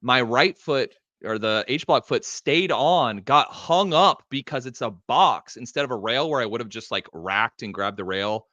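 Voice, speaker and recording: A man guesting on a casual live stream, with a bright, sharp-edged voice recorded close and dry. He talks laid-back and loose, swears casually, and often trails off into quieter mumbles. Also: mid-range voice, animated, moderate pace, hardly any pauses, dry recording, dull audio.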